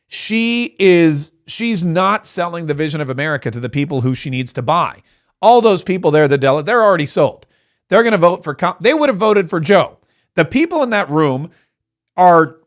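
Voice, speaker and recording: Casting: male live-stream host, sarcastic and excitable, a bit higher-pitched. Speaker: political commentator host. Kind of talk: live reaction commentary.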